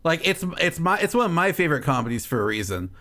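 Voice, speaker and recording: A man co-hosting a casual podcast through a headset, rambling and swearing, often trailing off quietly. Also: on the high side, sing-song, fast talker. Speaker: podcast co-host. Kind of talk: casual chat.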